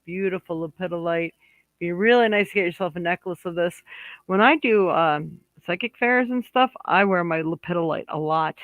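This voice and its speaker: A man's voice: sits high, normal speed, no echo, narrow, tinny audio. A man giving a chatty monthly horoscope card reading, talking straight to viewers and to spirit, with many fillers and restarts. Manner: chatty, warm asides, talks to spirit aloud. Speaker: psychic card reader.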